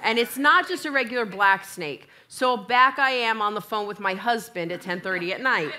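A woman preaching a sermon in church, telling a funny personal story and acting out both sides of the dialogue in an animated way. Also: mid-range voice, moderate pace.

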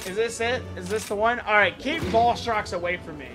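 A woman streamer giving excitable, chatty live gameplay commentary, breaking into mock-outraged rants. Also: medium pitch, moderate pace. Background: game music.

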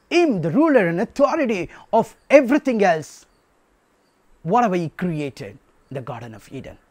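A man's voice: sits high, no echo. A man preaching a sermon, emphatic and repetitive, asking rhetorical questions.

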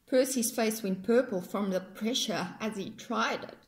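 A woman reading a rhyming children's picture book aloud in an expressive, sing-song way. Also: medium pitch, a little slow, few pauses. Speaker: storyteller.

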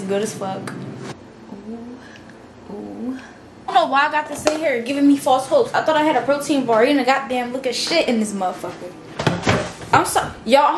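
Young woman vlogger, chatty and slangy with loose cursing, voice a touch high, faint background ambience. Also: noisy background. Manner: chatty, slangy, curses freely. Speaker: vlogger and small business owner. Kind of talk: casual vlog chat.

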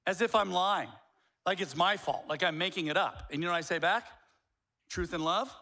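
A man preaching a sermon as pastor in a casual, conversational way, acting out examples and swinging from quiet asides to loud outbursts. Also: sits high, brisk.

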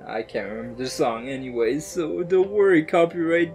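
A woman doing let's play commentary on a video game, excitable and giggly, often reading game lines aloud. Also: low voice, normal speed, hardly any pauses, soft background music. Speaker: gaming video host.

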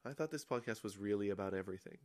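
A man guesting on a podcast in casual chat, rambling into absurd jokes with a deadpan delivery. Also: lowish voice, rapid-fire.

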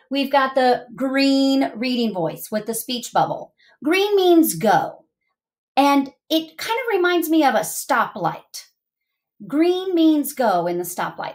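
A middle-aged woman with a slightly high voice teaches a lesson to young students. She speaks directly to the children in an encouraging way.

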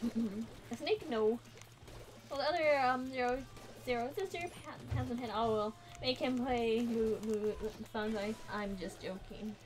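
Teasing high-voiced young woman co-streamer. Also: a little mellow. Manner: teasing, playful, quick to laugh. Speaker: co-streamer, sister. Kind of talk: casual gaming stream chat.

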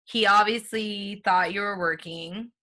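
A woman's voice: mid-range voice, steady tone, a little slow, sharp tone. A woman hosting a podcast, responding in a supportive way with frequent ums. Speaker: podcast host. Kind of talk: casual interview chat.

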